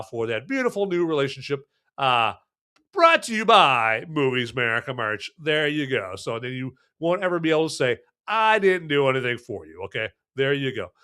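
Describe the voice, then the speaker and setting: A man's voice: bright, forceful tone, clean tone. A man hosting a podcast in casual chat, rambling and joking with many restarts and fillers. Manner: jokey, chummy sales pitch. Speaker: podcast host.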